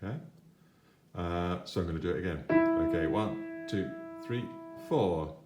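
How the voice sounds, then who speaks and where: Low-voiced man teaching children piano. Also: unhurried. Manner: patient, encouraging, sings note patterns. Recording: roomy echo, piano playing.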